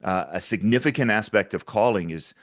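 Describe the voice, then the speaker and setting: A man's voice: on the low side, brisk, no room sound, studio quality. A man speaking as a guest in a conversational interview, earnest and talking through frequent stammered restarts.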